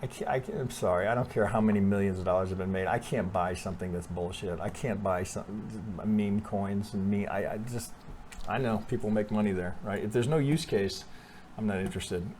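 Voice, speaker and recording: A man's voice: on the low side, fairly quick, a little mellow, slight background noise. A man talking casually through trading charts, thinking aloud with restarts, frequent "right?" and blunt swearing. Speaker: trading analyst. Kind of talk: casual chart analysis over screen share.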